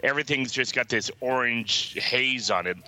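A man co-hosting a comedy podcast, campy and expressive, reading news and joking, stuffy from allergies. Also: mid-range voice, normal speed, no room sound. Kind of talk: casual comedy chat. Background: faint music.

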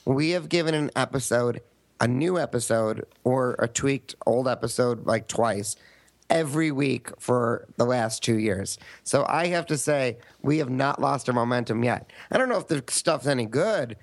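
A man's voice: mid-range voice, lively intonation, normal speed, no room sound. A man co-hosting a comedy podcast, chatting casually in a campy way and reeling off trivia. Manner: campy, detail-obsessed trivia talk. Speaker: podcast co-host.

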